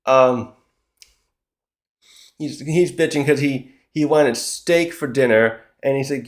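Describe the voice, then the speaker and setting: A man's voice: medium pitch, measured pace. A man casually recapping a comic chapter, rambling along with frequent restarts and little chuckles. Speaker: manga reviewer.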